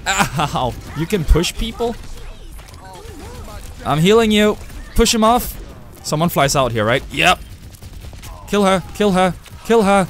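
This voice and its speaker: A young man giving excitable live gameplay commentary, with loud outbursts and swearing. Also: high voice, slow pace, pauses often, faint music behind. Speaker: gamer streamer.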